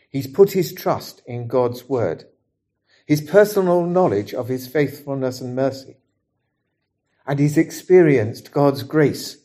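Male preacher giving a sermon, slow and deliberate, warm mellow tone, earnest scripture reading. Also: mid-range voice. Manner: measured, earnest delivery, reading scripture and leading prayer.

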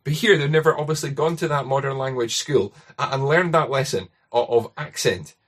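Husky-voiced Scottish preacher. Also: male voice, mid-range voice, a little fast, a bit bright. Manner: conversational, asks rhetorical tag questions. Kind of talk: sermon.

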